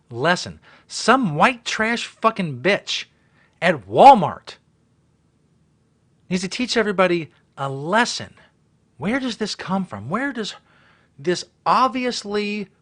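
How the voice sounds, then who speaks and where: A man delivers a profane, exasperated rant as host of a reaction show. His voice sits a bit high and swings widely in pitch, dropping to mutters and climbing to yells. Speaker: host reacting to a viral video. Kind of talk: ranting commentary.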